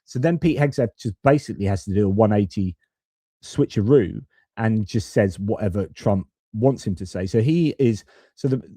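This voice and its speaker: A man with a lowish, mellow voice talks through a live stream, reading viewer comments and giving his own rambling, opinionated takes. He often stops and corrects himself mid-thought. The sound is close and dry, with no room around it. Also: moderate pace, husky, dry recording. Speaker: host of a live-stream geopolitics channel.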